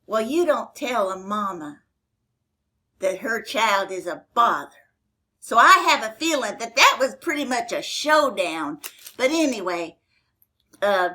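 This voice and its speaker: An older woman hosts a children's Bible story show, speaking slowly in a fairly high, very animated voice. She tells the story in a chatty, rambling, homespun way, full of fillers and warm toward the kids listening.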